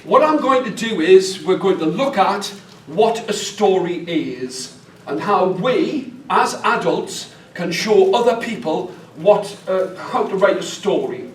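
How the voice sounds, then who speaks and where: High-voiced man with a northeast English accent. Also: lively intonation, unhurried, recorded from a distance, slight background noise. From northeast England. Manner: chatty, jokey, engaging the room. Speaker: storyteller leading a teacher workshop. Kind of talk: lively workshop talk to an audience. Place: large hall with an audience. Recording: echoey hall, mic from afar.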